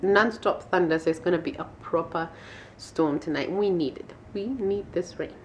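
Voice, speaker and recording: A woman's voice: on the low side, normal speed, slight background noise. Chatty, bubbly woman vlogging at home. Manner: chatty and bubbly, laughs often. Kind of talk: casual vlog chat. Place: at home, indoors.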